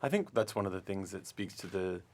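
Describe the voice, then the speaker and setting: A language instructor talks in a casual studio interview, thoughtful and searching for words, restarting often and using many fillers. His low voice is fairly quick, with slight background noise.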